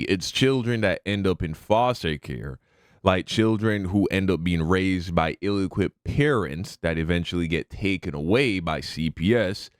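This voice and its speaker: A man's voice: sits low, no room sound, clean studio sound. A married man hosting a reaction video, talking things through casually with sudden shocked outbursts. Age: adult, married. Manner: thoughtful, explains at length, sudden shocked outbursts.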